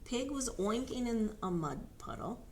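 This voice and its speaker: A woman, a library storyteller, reading a picture book aloud to children in an animated way and inviting them to join in. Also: on the high side, unhurried, a little hiss or hum. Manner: animated, sing-song, coaxing children to join in.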